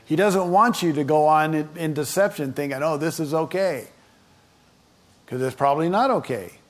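A man delivers a sermon in a loose, conversational style, full of asides to the people in front of him. His voice sits a touch high for a man. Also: brisk. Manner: conversational, folksy preaching with asides to the congregation. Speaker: preacher.

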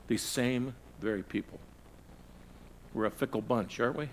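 Man preaching with dramatic loud-soft swings. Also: normal speed, long pauses, slight background noise. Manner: dramatic swings between loud emphasis and hushed low passages. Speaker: pastor. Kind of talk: sermon.

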